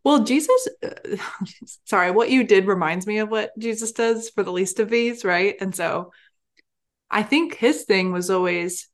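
Reflective woman offering gentle advice. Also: mid-range voice, measured pace. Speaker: podcast co-host. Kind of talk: faith-based casual conversation.

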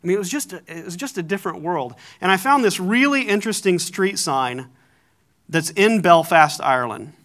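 A man's voice: high-pitched, expressive, normal speed, fairly bright tone. An American man giving a conversational sermon, joking and correcting himself as he goes. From United States. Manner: conversational, self-correcting, lightly humorous. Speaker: pastor.

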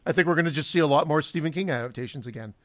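A man co-hosting a podcast, joking and talking in halting restarts in casual banter. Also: a little high, fairly bright tone. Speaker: podcast co-host.

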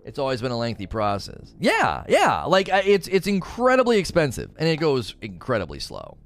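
A man's voice: medium pitch, huge pitch swings, moderate pace, no echo. A man chatting casually on a livestream, reading chat messages aloud and telling rambling stories. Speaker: streamer.

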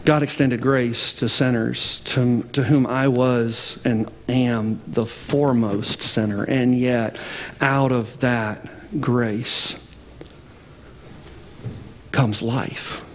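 A man's voice: mid-range voice, steady tone, extremely slow, in a large hall, a little hiss or hum. A man preaching a sermon as pastor, speaking conversationally with many fillers and restarts. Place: church sanctuary with balcony.

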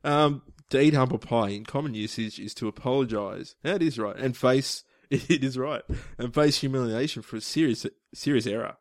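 A man's voice: mid-range voice, normal speed, few pauses, dry recording, clean studio sound. A man co-hosting a podcast, joking and laughing through casual banter. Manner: giggly, lively banter. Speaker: podcast co-host.

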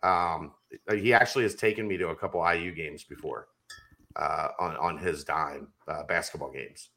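A man's voice: rumbling low, moderate pace, sharp tone. A man co-hosting a sports podcast, making his case emphatically in casual debate and rambling into stories. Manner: emphatic, insistent, rambling storyteller.

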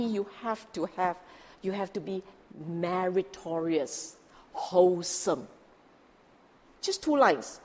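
Female dharma teacher, unhurried, emphatic, rhetorical questions; long hall echo. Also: medium pitch. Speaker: Buddhist teacher. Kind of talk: dharma talk.

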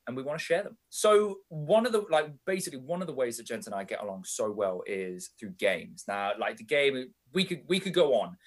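A young man, co-hosting a casual podcast chat with a friend in an animated, chatty way. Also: medium pitch, brisk, few pauses. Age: young adult. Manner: animated, chatty British slang. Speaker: podcast co-host.

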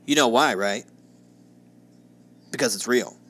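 A man's voice: medium pitch, measured pace, fairly bright tone, breathy edge. A man co-hosting a casual true-crime podcast, narrating case details with sarcastic jokes. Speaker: podcast co-host.

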